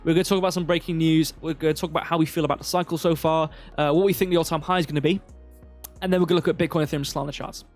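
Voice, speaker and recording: Male stream host, a bit high-pitched, loose and chatty, thinks aloud over charts. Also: fairly even intonation, rapid-fire, faint music behind. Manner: rambling, filler-heavy, thinking aloud. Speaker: crypto livestream host. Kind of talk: casual live chart commentary.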